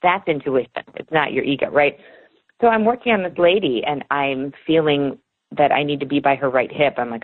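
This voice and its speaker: A woman in her forties, a book author, telling personal stories in an animated way in a podcast interview. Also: low voice, brisk. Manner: animated storyteller, acts out dialogue. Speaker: author guest. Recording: tinny phone line.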